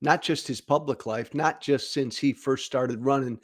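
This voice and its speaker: Blunt, candid, and prone to repeating words for emphasis, this male political commentator from the United States hosts his own podcast. His voice is mid-range and his pace moderate.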